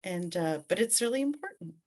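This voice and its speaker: A woman's voice: fairly low pitch, expressive, fairly quick, darkish tone. A woman hosting a casual panel discussion, chatty and easygoing. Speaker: host.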